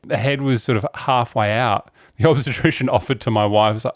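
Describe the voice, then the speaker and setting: Male co-host, 30s, relaxed storyteller, mid pitch, dry close mic. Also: fairly quick, no echo. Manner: easygoing storyteller, acts out quotes in playful voices. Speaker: podcast co-host. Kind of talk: casual chat.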